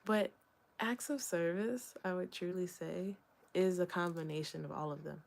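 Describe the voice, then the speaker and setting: A young woman talking through her thoughts in a candid solo vlog. Her voice sits a little low, and she rambles gently with lots of fillers and small laughs. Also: steady tone, moderate pace, vocal fry. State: hiccups. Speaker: vlogger. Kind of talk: reflective solo vlog talk.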